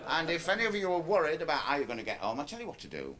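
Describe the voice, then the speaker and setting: A man's voice: a little high, huge pitch swings, very fast, a crowd in the background. An actor playing a cynical, middle-aged male stand-up comedian who talks in a chatty, lecturing way in a radio play. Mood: stand-up patter. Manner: chatty, lecturing, shifts into a club comedy routine. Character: aging male stand-up comic, cynical and wheedling.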